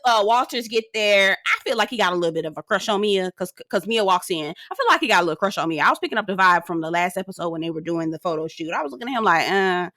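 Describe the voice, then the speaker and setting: A woman's voice: mid-range voice, pushed and bright, no room sound, clean studio sound. A woman giving a sassy, profane rant while recapping a reality TV episode, talking emphatically and mimicking the cast members. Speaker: reality TV reviewer.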